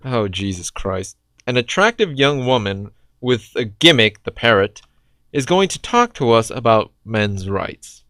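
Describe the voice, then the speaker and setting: A man's voice: medium pitch, big pitch swings, measured pace, fairly bright tone, no echo. Sarcastic man doing reaction commentary. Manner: sarcastic, exasperated. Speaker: response video commentator.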